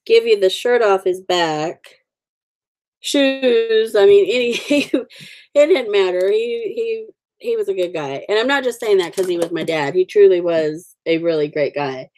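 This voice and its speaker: A woman in her forties hosts a relaxed live stream and chats with the viewers at her own pace. Her talk wanders, full of ums and little asides, and her voice sits at an ordinary middle pitch. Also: measured pace. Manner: chatty, warm-hearted, rambling with fillers. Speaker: livestream host. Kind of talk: casual live chat with viewers.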